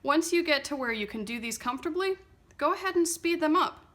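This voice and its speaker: A woman teaching a music lesson, explaining a playing exercise step by step in a clear, methodical, patient way. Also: high voice, expressive, brisk. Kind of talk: instructional explanation.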